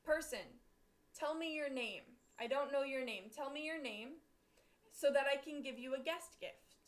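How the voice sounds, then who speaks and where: A woman's voice: sits high, measured pace. A woman reading aloud the lines of a greedy one-eyed giant who demands more wine.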